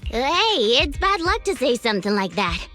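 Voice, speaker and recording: A man voicing a laid-back young woman from a video game, reading her lines in a relaxed, drawling way. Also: very high voice, moderate pace, faint music behind, voice pushed up, full character voice. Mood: chiding. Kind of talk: reading game dialogue aloud.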